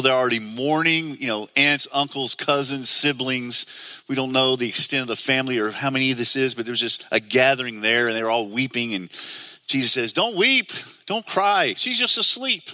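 A man delivers a sermon in an earnest, conversational manner, often pausing to put questions to his listeners. His voice is very bright and forward, at an average pitch. The sound is dry and close, with no room echo. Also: fairly even intonation. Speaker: pastor.

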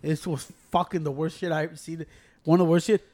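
A man, co-hosting a casual, profane debate, blunt and quick to cut in while mixing in Spanish. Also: on the high side, flat delivery, darkish tone. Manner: blunt, code-switches, cuts in. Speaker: podcast co-host.

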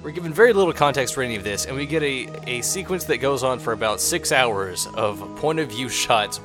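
Lively sarcastic man mocking an episode. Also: mid-range voice, fairly quick, music in the background. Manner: animated, sarcastic, swears, mimics voices. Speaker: podcast co-host. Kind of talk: casual episode recap.

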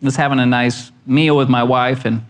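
Animated male pastor preaching. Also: normal speed. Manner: animated preaching with wide pitch swings and emphatic questions. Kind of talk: sermon.

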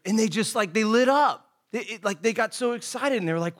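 A man's voice: high-pitched, brisk, hardly any pauses. A man in his thirties, an associate pastor giving a casual, earnest sermon full of folksy stories, saying "man" over and over. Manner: folksy storytelling, says "man" and "dude" constantly; animated and earnest.

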